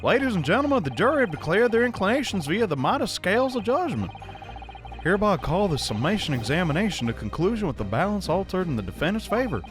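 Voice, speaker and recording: A man's voice: high-pitched, sing-song, over music. A man reading as a formal, stiff trial judge. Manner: formal, hurried read-aloud delivery.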